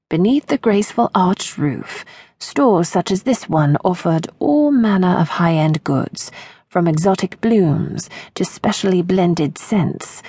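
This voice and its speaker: A woman narrating a historical romance audiobook in a slow, measured storytelling voice. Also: on the low side, dark tone, slightly rough, dry recording, clean studio sound.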